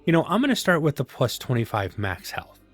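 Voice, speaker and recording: Huge pitch swings mark this man's medium-pitched, fairly quick voice as he casually comments on his gameplay for his gaming channel, from a home setup. He thinks aloud, makes self-deprecating jokes and chuckles, with soft background music playing.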